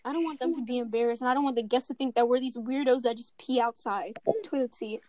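A woman in casual podcast chat, quick and teasing. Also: fairly high pitch, a little mellow, slight background noise. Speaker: podcast co-host.

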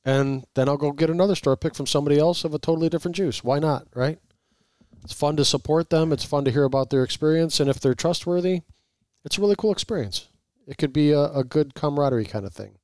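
A man's voice: a little high, darkish tone, no echo. Playful man, dry close mic. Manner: playful, teasing, quick to laugh. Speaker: podcast co-host. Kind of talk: casual chat.

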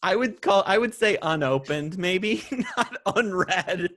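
A man's voice: high-pitched, lively intonation, unhurried, a bit bright. A man co-hosting a podcast in casual chat, laughing often and joking about himself. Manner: chatty, laughs often, self-deprecating. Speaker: podcast co-host.

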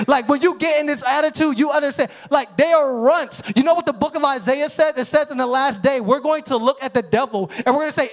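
A man in his thirties preaching a sermon with energy, sometimes rising to shouts. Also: extremely high pitch, fast, few pauses. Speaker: pastor.

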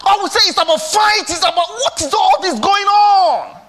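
A pastor with a Nigerian accent preaches a sermon, alternating between soft, pleading questions and loud exhortation. His voice is very high-pitched and his speed is normal.

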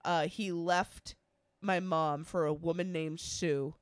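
A woman's voice: lowish voice, steady tone, takes it slowly, smooth, no room sound. A young woman co-hosting a podcast in casual chat, swearing freely and laughing often as she tells stories. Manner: swears a lot, laughs often, imitates her mother. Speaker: podcast co-host.

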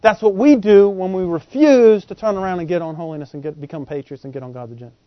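A man preaching a sermon, folksy and animated, often acting out voices in the quotes he tells. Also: sits high, quick pace, no room sound. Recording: dull lo-fi podcast audio.

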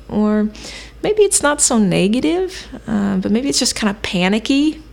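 A woman hosting a self-help podcast, teaching in a calm, measured way and thinking aloud with occasional fillers. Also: medium pitch, gravelly. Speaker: podcast host.

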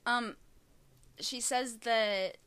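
A woman's voice: a little high, fairly even intonation, extremely slow, fairly bright tone, clear, resonant tone. A woman in her thirties hosting a podcast. She talks in a chatty, giggly way and leans on "literally" and "like" a lot. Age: 30s. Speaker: podcast host telling a true crime story. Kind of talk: casual chat. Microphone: shared single mic.

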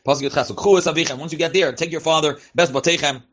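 A man with a fairly high, slightly bright voice and fairly even intonation races through a verse-by-verse Chumash and Rashi class. He reads Hebrew phrases, then translates them bit by bit, using Yiddish-inflected yeshivish terms. His delivery is loose and spoken, full of fillers and restarts.

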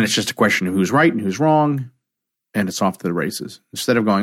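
A man's voice: fairly low pitch, fairly quick, no echo, studio quality. A middle-aged man, a counselor, talking reflectively about emotional triggers and acting out quoted conversations. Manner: animated storyteller, acts out quoted dialogue.

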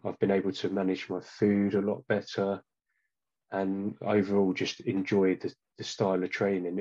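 Flat-voiced man, hesitant casual chat. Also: sits low, dull audio. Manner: hesitant, many "um"s and restarts. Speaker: guest.

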